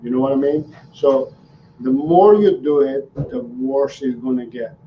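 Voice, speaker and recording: A man's voice: mid-range voice, a little slow, a little hiss or hum. Man, dog trainer, live viewer Q&A, earnest repetitive explaining, slightly dull sound. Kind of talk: live Q&A answering viewer questions. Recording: roomy, slightly dull livestream audio.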